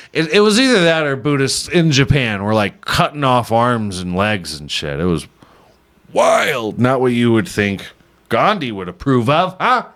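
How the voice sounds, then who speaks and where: A man's voice: medium pitch, sing-song, measured pace, fairly bright tone. A man hosting a podcast, riffing casually and irreverently on news stories, swearing often and laughing at his own jokes. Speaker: podcast host.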